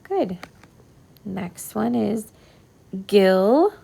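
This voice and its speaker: A woman's voice: medium pitch, sing-song, creaky, mellow, a little hiss or hum. A woman teacher giving a recorded phonics lesson to young pupils, patient and sounding out each word. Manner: slow, patient, sounding out words. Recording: iPad whiteboard voice recording.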